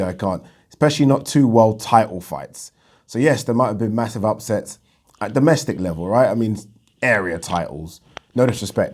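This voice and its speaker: A man hosting a boxing vlog, talking in a chatty, animated way and repeating himself for emphasis. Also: on the low side. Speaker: boxing channel host. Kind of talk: casual vlog talk.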